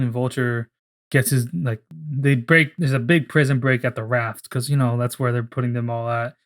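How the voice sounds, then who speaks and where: A young man talking loosely on a casual podcast, his thoughts running on in a loose ramble. He swears freely and slips into quick voices for characters as he pitches a story. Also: fairly even intonation. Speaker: podcast co-host.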